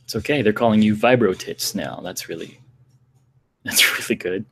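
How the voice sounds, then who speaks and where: An American man in his twenties joins a livestream call as a guest, chatting casually in a lowish, fairly bright voice with vocal fry and a breathy edge. He talks at normal speed, hesitant and self-deprecating, with many ums and restarts.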